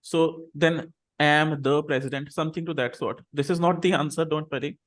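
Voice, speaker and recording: A man teaching an English class over a video call, patiently saying words slowly and repeating them for students to copy. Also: a little high, steady tone.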